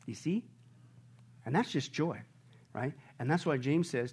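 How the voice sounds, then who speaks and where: A male pastor preaching a sermon, animated, swinging between bursts of shouted excitement and hushed asides. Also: on the high side, unhurried, slightly rough.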